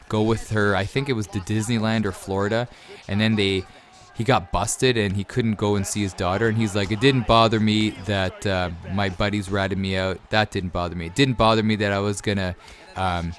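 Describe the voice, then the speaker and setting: A low-voiced man in his thirties talks loosely and rambles as he answers viewer questions between game moments. His delivery is casual and easygoing, with plenty of fillers, like a YouTuber talking to his regular audience. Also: a bit bright, slight background noise. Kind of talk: casual Q&A over gameplay.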